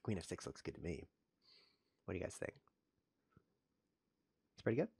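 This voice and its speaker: A man's voice: deep voice, normal speed, vocal fry, husky. A man commentating live while he plays chess online, joking dryly at his own expense and yelping when he blunders. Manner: self-mocking deadpan jokes with sudden yelps over blunders.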